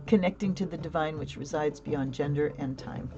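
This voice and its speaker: A woman's voice: deep voice, moderate pace, few pauses, dark tone, lo-fi sound, soft background music. A woman hosting a casual live tarot reading, chatting, laughing often and answering viewer comments. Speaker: tarot reader and livestream host.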